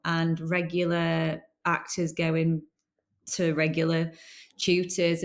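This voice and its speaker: A woman actor and company founder telling her story as a podcast guest in an enthusiastic, chatty way. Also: fairly low pitch. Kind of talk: casual interview chat.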